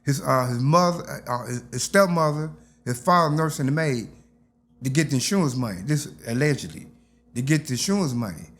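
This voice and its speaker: A man's voice: medium pitch, animated, a little fast, a bit bright. An older man, telling stories from his youth in a casual interview and acting out the voices. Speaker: interview guest.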